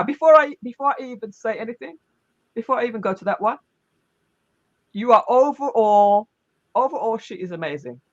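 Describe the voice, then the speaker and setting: A woman hosts a casual live stream, her pitch rising and falling in a lively way as she repeats her praise, restarting sentences and filling pauses. The sound is dull and lo-fi, like stream audio. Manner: warm, repetitive praise with frequent restarts and fillers. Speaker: host of a live online talk show.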